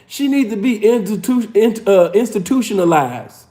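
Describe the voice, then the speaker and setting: Male reaction streamer, high-pitched, street slang, preachy and emphatic. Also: expressive, normal speed, mellow. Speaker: livestream reaction host. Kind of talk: casual reaction commentary.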